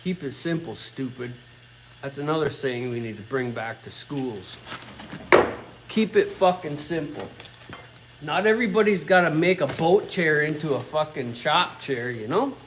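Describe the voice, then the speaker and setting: A man's voice: a little high, normal speed, a bit bright, a little hiss or hum, poor audio. A middle-aged man in his own workshop, ranting bluntly and swearing constantly in casual talk. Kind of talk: casual rant.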